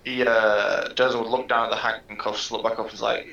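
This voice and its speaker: Guy playing a tabletop game, bright sharp voice, kinda unsure, echoey room. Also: lowish voice, little pitch movement, brisk, vocal fry, lo-fi sound. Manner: hesitant, questioning. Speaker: player. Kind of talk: casual chat at a game table. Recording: echoey room with faint noise.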